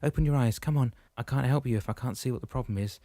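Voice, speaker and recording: A man voicing an impatient, bossy young older brother with a brisk, scolding manner, in an audiobook. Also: lowish voice, mellow, no room sound, natural voice.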